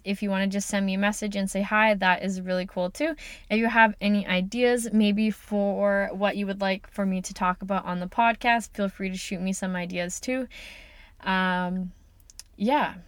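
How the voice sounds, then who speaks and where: A woman's voice: medium pitch, steady tone, measured pace, clear, resonant tone, no echo. A woman hosting her own podcast, talking in a chatty, upbeat way with plenty of "like" and "um". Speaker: podcast host and coach. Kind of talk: casual solo podcast talk.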